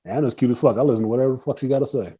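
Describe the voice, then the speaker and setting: A man's voice: mid-range voice, very fast, slightly rough, muffled recording. A man co-hosting a live talk stream, telling crude, laughing stories in casual banter. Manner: crude, laughing, animated storytelling. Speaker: podcast co-host.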